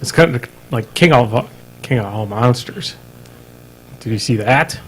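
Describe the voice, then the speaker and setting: Animated man on a podcast. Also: mid-range voice, a little slow, slightly rough, rough recording. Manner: animated, laughs often, stumbles and restarts. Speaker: podcast co-host. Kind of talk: casual chat. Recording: live-streamed podcast.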